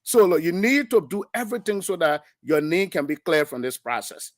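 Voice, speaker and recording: A man's voice: fairly high pitch, big pitch swings, fairly quick, dry recording, clean studio sound. A man, a lawmaker defending his position on a political talk show, speaking emphatically and restarting his sentences.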